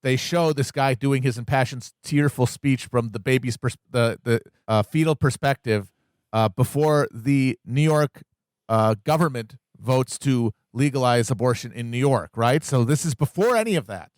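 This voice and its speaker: A man's voice: medium pitch, moderate pace, a little mellow, dry recording, clean studio sound. A man co-hosting a podcast, telling stories in a wry, casual way with frequent restarts. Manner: wry, storytelling, stammering restarts. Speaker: podcast co-host.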